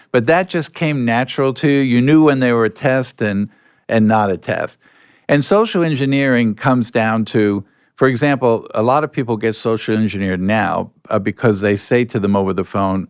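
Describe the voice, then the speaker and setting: An older man speaks as a podcast guest, recorded close and dry. His voice sits low and smooth as he tells his anecdotes at an easy pace, now and then acting out the lines of people in the story. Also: moderate pace, dry recording.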